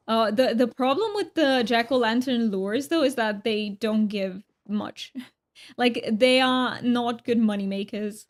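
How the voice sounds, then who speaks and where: A woman's voice: fairly high pitch, slow. A woman streaming live, chatting casually with viewers, often giggling and thanking them by name. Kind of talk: casual livestream chat.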